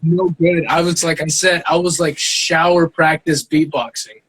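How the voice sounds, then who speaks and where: A man's voice: flat delivery, normal speed, fairly bright tone, low-quality recording. A man with a Southern US accent, a guest artist, telling a profane, laughing story. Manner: profane, laughing, quotes others in high voices. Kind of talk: animated storytelling.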